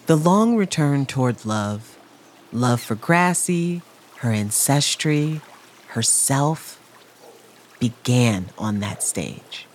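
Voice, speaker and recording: Man, scripted documentary narration, expressive mid-pitched voice, faint hiss behind. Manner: measured, storytelling delivery.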